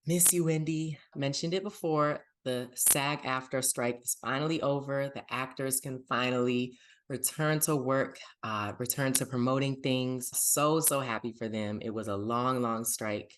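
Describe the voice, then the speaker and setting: A man hosting a casual pop culture podcast, with an upbeat, chatty delivery. His voice sits in a middle pitch for a man. He runs segments and plugs his social pages. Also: steady tone, measured pace, a bit bright. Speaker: podcast host.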